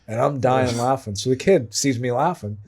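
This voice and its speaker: A man's voice: mid-range voice, normal speed, a little mellow. Guy, middle-aged, ordinary voice, cussing his way through an old story with his buddies, keeps saying right?. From Medford and Malden, Massachusetts. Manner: profane, rambling storyteller who keeps adding "right?". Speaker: podcast host. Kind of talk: casual storytelling among friends.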